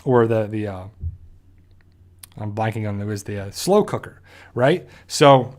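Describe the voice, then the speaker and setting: A man's voice: lowish voice, expressive, unhurried, darkish tone. A man hosting a casual show, recapping and reviewing a TV episode in a rambling way, with lots of fillers and restarts. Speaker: show host.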